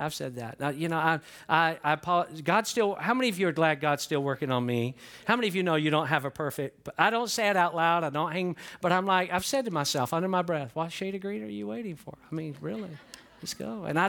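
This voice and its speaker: An older man, a pastor preaching a folksy, animated sermon and asking the congregation questions. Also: a little high.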